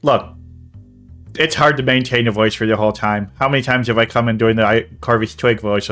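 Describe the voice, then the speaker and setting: A man's voice: mid-range voice, a little fast, fairly bright tone, soft background music. A man hosting a casual movie-review podcast, rambling and laughing at his own puns. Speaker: podcast host.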